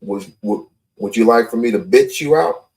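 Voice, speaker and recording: A man's voice: medium pitch, lively intonation, fairly quick, vocal fry, darkish tone. A man hosting a live call-in stream, talking confrontationally and repeating his points. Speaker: livestream host.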